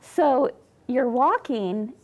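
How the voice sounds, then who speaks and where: A woman's voice: sits high, animated, very slow, a little mellow. A woman in her fifties hosting a live sewing show, chatting casually and laughing often. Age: 50s. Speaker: host.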